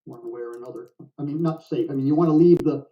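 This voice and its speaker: An older man giving live game commentary in a chatty, jokey way, quick to laugh. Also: mid-range voice. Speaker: backgammon commentator. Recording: dull, distant sound.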